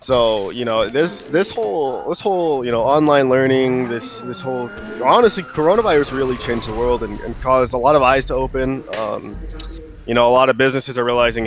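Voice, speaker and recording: This is a young man hosting a relaxed podcast conversation. He rambles and circles back on himself as he works toward his questions. His pitch sits in the middle of the male range. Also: fairly quick, slight background noise. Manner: rambling, many fillers and restarts. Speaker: podcast host. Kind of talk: casual podcast chat.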